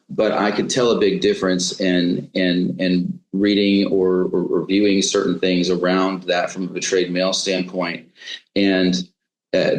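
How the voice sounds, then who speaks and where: A man speaking as a podcast guest, reflective and halting, with many restarts and fillers. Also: low voice, roomy sound, poor audio. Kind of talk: reflective interview talk.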